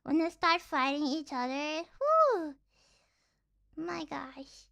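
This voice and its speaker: A woman's voice: high-pitched, steady tone, measured pace, vocal fry, fairly bright tone. A young woman streaming casually, rambling and giggly, with lots of fillers. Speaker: virtual streamer. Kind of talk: casual livestream chat.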